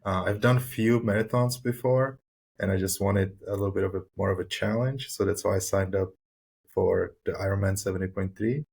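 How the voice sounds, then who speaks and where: Man, lowish voice, matter-of-fact podcast guest with plenty of fillers. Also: fairly even intonation, brisk, gravelly, darkish tone, husky. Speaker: podcast guest, new triathlete. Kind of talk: casual podcast chat.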